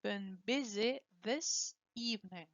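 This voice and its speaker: A woman teaching English pronunciation, slowly and deliberately modelling words for students to repeat. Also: a little high, no echo, lo-fi sound. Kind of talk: pronunciation lesson with drills.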